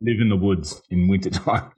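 A man's voice: deep voice, steady tone, normal speed, a little mellow, breathy edge, lo-fi sound. A man hosting a casual podcast, upbeat and enthusiastic, who teases his co-hosts and introduces a guest. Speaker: podcast host. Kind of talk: casual chat.

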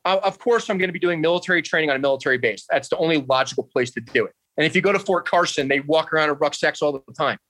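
A man's voice: a little high, racing, few pauses, a bit bright, dry recording. A man in his thirties from New Jersey, a podcast guest telling a story in a casual, sarcastic, profane way. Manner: sarcastic, profane, acts out dialogue.

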